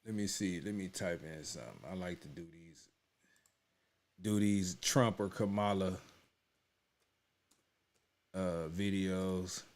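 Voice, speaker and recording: A man with a low-pitched voice hosts a reaction video at a moderate pace, keeping up a casual running commentary. He calls his viewers "y'all," often restarting and repeating words.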